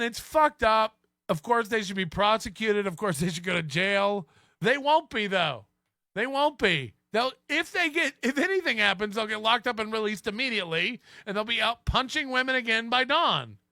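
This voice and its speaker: A man's voice: high voice, gravelly, sharp tone, no echo, studio quality. A man hosting a podcast, ranting in a mocking, sarcastic tone and laughing at his own remarks. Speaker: podcast host. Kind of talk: ranting commentary.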